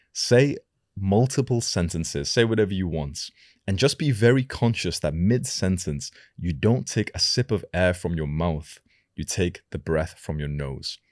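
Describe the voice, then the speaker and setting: A young man with an extremely deep, low voice teaches to camera. He talks slowly and deliberately and lets his pitch sink at the end of each sentence. The sound is close and completely dry, with no room echo. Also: darkish tone. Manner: slow, deliberate delivery dropping pitch at sentence ends. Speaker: self-improvement coach. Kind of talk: instructional talk to camera.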